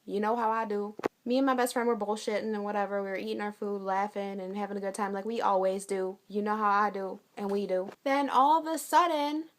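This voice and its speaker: A woman's voice: mid-range voice, fairly even intonation, brisk, hardly any pauses. A young woman telling a storytime vlog in a blunt, profane, casual way, acting out what she and others said. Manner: blunt, profane, with acted-out quotes. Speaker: vlogger.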